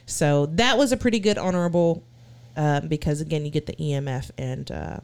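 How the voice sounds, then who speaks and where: A woman's voice: low-pitched, fairly quick, darkish tone, clear, resonant tone. A woman from Texas co-hosting a podcast, casually and profanely recounting ghost-hunting clips. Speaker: podcast co-host. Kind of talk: casual chat.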